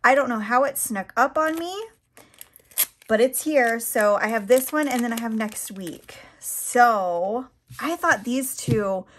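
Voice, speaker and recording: A woman's voice: fairly high pitch, slow pace, slight background noise. A woman talking casually to her camera as a nail polish vlogger, flustered and rambling, with frequent laughs.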